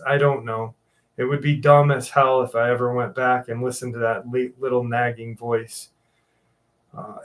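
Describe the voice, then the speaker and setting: A man hosting a paranormal podcast, reading stories and joking crudely. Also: medium pitch. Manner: joking, crude, riffs loudly. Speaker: podcast host. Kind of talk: casual podcast chat.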